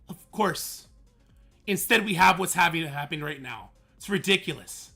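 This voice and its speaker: High, gravelly streamer ranting. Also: male voice, a little fast, pushed and bright, soft background music. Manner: exasperated ranting, heavy swearing. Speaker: game streamer. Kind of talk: livestream talk to chat.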